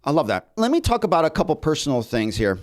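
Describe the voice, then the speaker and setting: A man who hosts a podcast tells stories in easy, casual chat. His voice sits a little high and swings widely, with quick restarts and repeated words. He sounds animated and talkative. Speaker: podcast host and actor.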